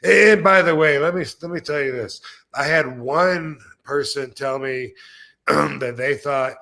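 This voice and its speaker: A man's voice: on the high side, measured pace, creaky, sharp tone. A man hosting a live stream in casual chat, rambling and blunt, with crude jokes and many fillers.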